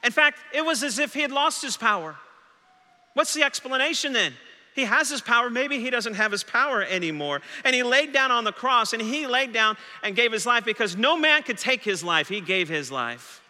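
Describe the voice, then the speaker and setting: A male pastor delivers a sermon with swings between hushed lines and urgent, rising questions. His voice sits high and rings bright and sharp. The sound carries a long reverb from the church sanctuary. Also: expressive, normal speed. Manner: dramatic preaching, voicing doubting disciples' questions. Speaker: senior pastor.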